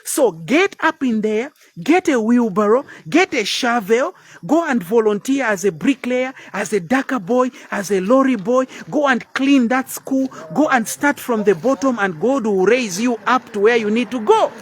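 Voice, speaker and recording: A man in his fifties giving a blunt, preachy motivational talk live online, dropping now and then into quiet asides. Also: extremely high pitch, lively intonation, normal speed, few pauses. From Zambia. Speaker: motivational speaker.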